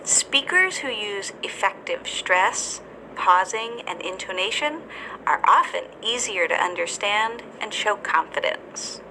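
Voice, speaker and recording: A woman teacher narrating a scripted English lesson, speaking slowly and deliberately with careful enunciation. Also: mid-range voice, big pitch swings, bright, forceful tone, a little hiss or hum, low-quality recording.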